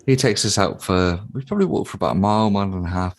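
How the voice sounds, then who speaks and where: A man co-hosting a comedy podcast, telling an improvised story in a deadpan way with stammering restarts. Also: on the low side, very fast.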